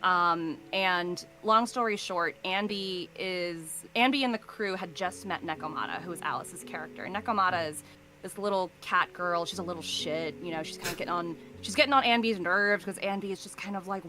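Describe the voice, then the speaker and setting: Chatty woman voice actor, bright tone. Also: on the low side, normal speed, low-quality recording. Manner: chatty, rambling with many fillers and laughs. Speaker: voice actor guest. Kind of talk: casual interview chat.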